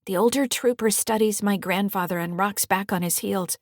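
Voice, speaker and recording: A woman author reading her thriller audiobook in a measured, steady first-person narration. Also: lowish voice, dry recording, studio quality.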